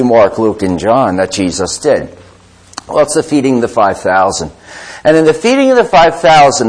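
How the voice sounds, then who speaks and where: Animated man preaching a sermon. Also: mid-range voice, slightly rough, low-quality recording. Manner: animated storytelling, voices the disciples and Jesus; reads scripture aloud.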